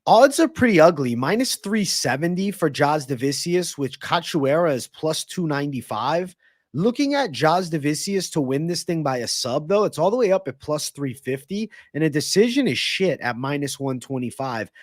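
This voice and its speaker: A man's voice: on the high side, very animated, normal speed, no room sound, studio quality. A man hosting a livestream of fight predictions, talking loosely and profanely while hyping and answering viewers in chat. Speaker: livestream host.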